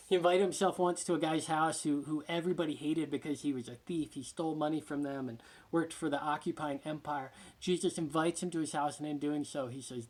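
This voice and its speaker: A man preaching a sermon with passion, often sinking to a hushed near-whisper for emphasis and repeating words as he gathers his thoughts. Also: on the high side. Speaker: pastor.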